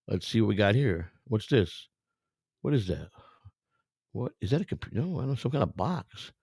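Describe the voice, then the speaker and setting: A man's voice: on the low side, very animated, normal speed, vocal fry, a little mellow, breathy edge, no echo, clean studio sound. A middle-aged man hosting a vlog, giving casual, rambling, profane commentary in a streetwise way. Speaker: vlog host browsing storage auctions.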